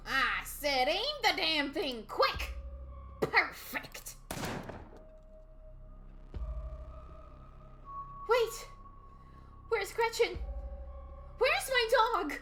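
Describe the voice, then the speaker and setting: A woman voicing a bold, brash young woman who hunts cryptids, with a loud, commanding delivery. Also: a little high, unhurried, few pauses, soft background music. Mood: urgent.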